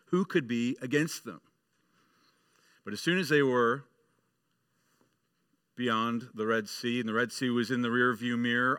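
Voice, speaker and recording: Male pastor, sermon storyteller, bright and dry. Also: mid-range voice, clear, resonant tone, dry recording. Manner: storytelling, acting out voices.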